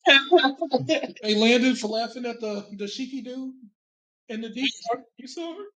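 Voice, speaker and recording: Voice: medium pitch, unhurried, fairly bright tone, poor audio. A podcast speaker chatting playfully and egging the others on. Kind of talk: casual podcast chat.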